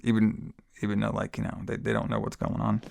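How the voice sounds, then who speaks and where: A man's voice: fairly low pitch, monotone, a little fast, gravelly, a little mellow. A man co-hosting a podcast, recapping a film in casual, exasperated, profane chat with frequent sighs. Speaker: podcast co-host.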